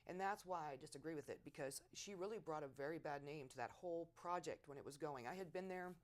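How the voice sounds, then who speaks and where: A middle-aged woman in an oral history interview, telling war stories in a lively way and acting out quotes loudly. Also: low-pitched, fast. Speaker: veteran interviewee.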